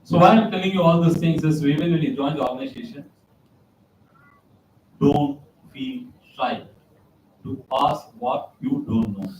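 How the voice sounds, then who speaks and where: A man's voice: on the high side, unhurried, pauses often, darkish tone, muffled recording, slight background noise. A man, giving a motivational talk to students and repeating key phrases for emphasis. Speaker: guest speaker. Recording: roomy echo, distant mic, faint ambience.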